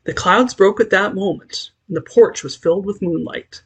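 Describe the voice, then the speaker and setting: An audiobook narrator reading a story aloud in a measured, expressive way. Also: medium pitch, slightly rough.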